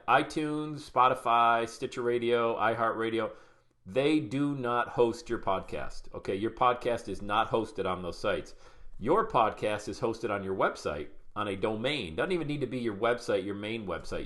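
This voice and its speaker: A man's voice: lowish voice, fairly bright tone. A middle-aged man teaching podcasting on a live stream, upbeat and chatty, greeting viewers by name. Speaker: podcast coach.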